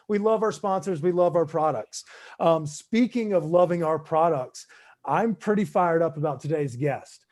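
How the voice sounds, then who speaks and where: High-voiced, upbeat male podcast host. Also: moderate pace, a little mellow. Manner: enthusiastic, loose. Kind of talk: casual podcast chat.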